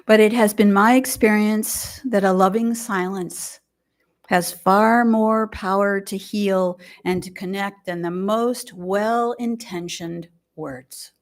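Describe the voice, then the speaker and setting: Older woman giving a gentle sermon. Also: medium pitch, fairly even intonation. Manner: gentle, reflective, measured with pauses. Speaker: lay speaker. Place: fellowship hall, indoors.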